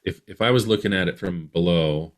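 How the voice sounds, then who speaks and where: A man's voice: sits low, a little fast. A man from Utah, a podcast guest, telling a long story in a rambling way with many restarts.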